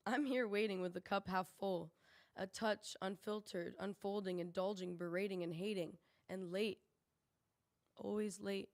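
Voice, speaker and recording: A woman's voice: mid-range voice, steady tone, unhurried, a little mellow. Woman reading spoken word poetry. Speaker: open mic poet. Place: poetry cafe stage.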